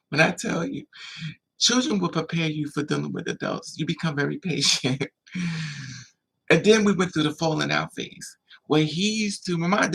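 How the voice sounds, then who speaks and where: A man hosting a livestream, telling a personal story in a casual, animated way and acting out the voices of the people in it. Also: a little high, vocal fry, husky, low-quality recording. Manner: animated, acts out quoted voices.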